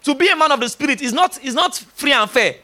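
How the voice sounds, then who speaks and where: A middle-aged man preaches with a high, lively voice. He drives his points with emphatic, teasing energy and slips into acted-out dialogue. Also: fast. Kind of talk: sermon.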